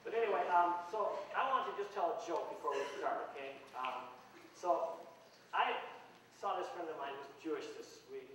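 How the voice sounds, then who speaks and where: A man's voice: on the high side, moderate pace, far from the mic. A man who teaches university English gives a humorous, sarcastic award acceptance speech to an audience in a large hall. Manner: sarcastic deadpan joking. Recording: echoey hall recorded from afar with noise.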